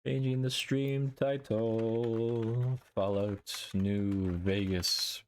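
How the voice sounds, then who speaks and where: A young male streamer with a fairly low voice, chatting loosely with his viewers between games. He slips into a dramatic reading voice when reciting poetry and stories. His talk is playful and relaxed. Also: very slow, slight background noise. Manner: dramatic recitation, then playful chat with silly noises. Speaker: VTuber streamer.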